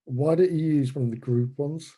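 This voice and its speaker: A man's voice: fairly high pitch, normal speed, mellow. A man playing in a tabletop game, cracking wry jokes and asides. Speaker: player. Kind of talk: tabletop role-play chat.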